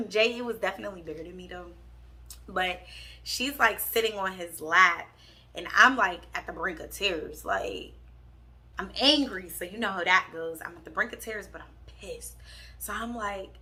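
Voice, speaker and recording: A woman's voice: medium pitch, moderate pace, sharp tone. A young woman telling a candid, sassy storytime to her viewers, calling them y'all. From Pittsburgh. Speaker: vlogger. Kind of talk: storytime vlog.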